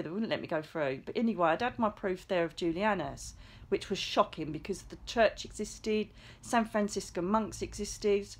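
A middle-aged woman tells a personal story in casual monologue. She is excitable and chatty, swears now and then, and acts out the lines she quotes. Her voice sits at an ordinary middle pitch. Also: moderate pace. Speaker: psychic medium vlogger.

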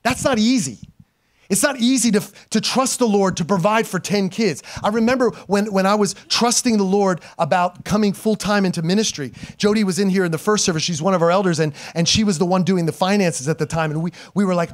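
A pastor in his forties preaching a sermon to his congregation, emphatic and animated, swinging from loud calls to hushed storytelling and laughing at himself. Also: sits high, brisk. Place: church sanctuary.

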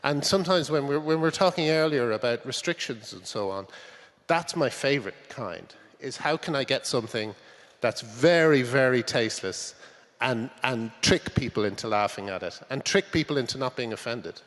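A man from Britain, a guest comedy writer, talking on stage in a halting way with many restarts. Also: mid-range voice, expressive, fairly bright tone. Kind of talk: onstage conversation. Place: conference stage. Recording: long conference-hall reverb.

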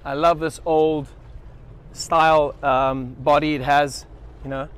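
A man's voice: on the high side, level tone, slow pace, clean tone. A man hosting a casual yacht tour vlog, enthusiastic and loose, with fillers and praise words on board a yacht. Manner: loose, many fillers and restarts. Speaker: yacht charter vlogger host.

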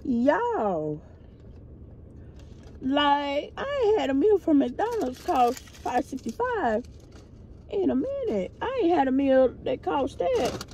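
High-voiced chatty woman vlogging from car. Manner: chatty, animated storytelling, addresses viewers as y'all. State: recovering from illness, short of breath. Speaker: vlogger who works with schoolchildren. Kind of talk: casual chat to camera. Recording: dull sound with loud car noise.

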